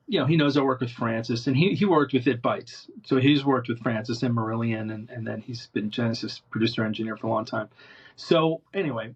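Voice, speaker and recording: A male musician telling animated anecdotes in an interview, rambling with many restarts. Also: medium pitch, lo-fi sound. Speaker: interview guest, musician and producer. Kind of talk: casual storytelling in an interview.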